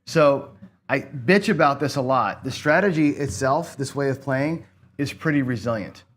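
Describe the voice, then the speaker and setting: A man's voice: mid-range voice, moderate pace. A man hosting a gambling channel, giving casual play-by-play commentary in a rambling, profane way, as if talking to himself. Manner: rambling, profane, talks to himself while playing.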